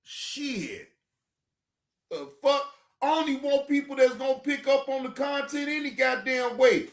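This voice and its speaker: A livestream reaction host ranting at a viewer in the chat, profane and heated, often breaking into shouts and repeating dismissive goodbyes. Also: high voice, lively intonation, a little slow. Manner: repetitive dismissive sign-offs.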